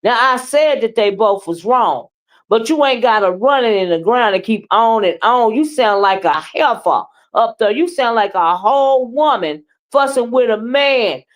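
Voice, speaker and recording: A woman with a somewhat high voice and a drawl, commenting on a livestream. She talks bluntly and profanely, animated and trash-talking, while chatting with her viewers. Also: moderate pace. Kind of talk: live commentary and chat with viewers.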